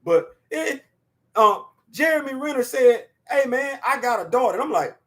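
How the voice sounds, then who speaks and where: Excitable high-voiced man talking pop culture. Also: normal speed. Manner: excitable, shouts and laughs, slangy asides. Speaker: host. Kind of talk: animated casual pop-culture commentary.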